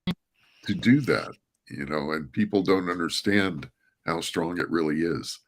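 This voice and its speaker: A man's voice: low voice, lively intonation, a little slow. A man who is a guest on a casual livestream chat and answers mostly with brief agreement. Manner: brief affirming responses. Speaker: psychic-medium guest.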